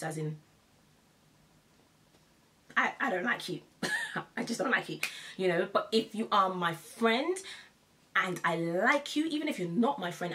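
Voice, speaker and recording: A young adult woman talks straight to her camera in a loose, chatty vlog. Her voice sits a little low for a woman. She laughs often and leans on repeated phrases for emphasis. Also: fairly bright tone. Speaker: vlogger. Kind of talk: casual to-camera chat.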